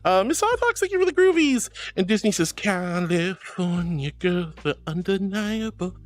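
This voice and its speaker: A woman's voice: mid-range voice, big pitch swings, moderate pace, faint music behind. A woman streaming and reading her chat, bubbly and giggly, calling her viewers sweetie and darling. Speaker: VTuber streamer. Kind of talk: livestream chat.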